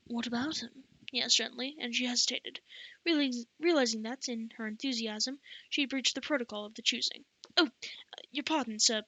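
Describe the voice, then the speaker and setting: An amateur audiobook narrator, a woman with a fairly high, sharp-toned voice, reads a novel aloud, often stumbling and restarting words. The recording is rough, with no room sound.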